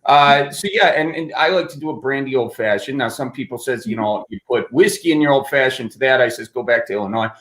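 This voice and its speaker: A man's voice: medium pitch, fairly quick, hardly any pauses, a bit bright. Joking man on an echoey video call. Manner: jokey, rambling, playful. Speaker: guest. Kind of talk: joking casual chat.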